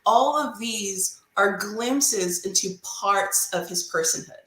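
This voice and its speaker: Woman guest, earnest storyteller, medium pitch, roomy echo around her voice. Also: takes it slowly, fairly bright tone. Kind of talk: faith testimony and teaching.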